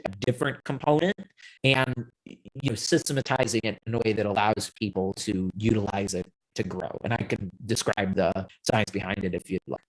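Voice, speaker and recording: A man who is a guest on a panel discussion, explaining his app in a measured, step-by-step way. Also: on the low side, rough recording.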